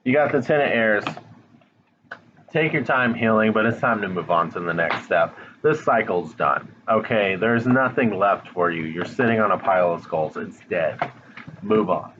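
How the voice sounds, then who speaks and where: A man's voice: fairly low pitch, normal speed, lo-fi sound, background noise. A man giving a casual tarot reading straight to the viewer, blunt and frank, swearing now and then. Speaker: tarot reader. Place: home, dog nearby.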